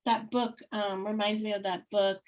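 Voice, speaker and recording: A woman's voice: medium pitch, flat delivery, normal speed. A woman hosting a podcast conversation, mostly answering with short supportive affirmations. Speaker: podcast host.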